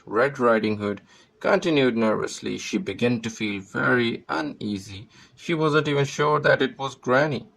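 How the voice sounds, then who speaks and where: A man reading a children's fairy tale aloud in a steady storybook manner. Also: medium pitch, normal speed, gravelly, rough recording. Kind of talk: scripted narration of a fairy tale.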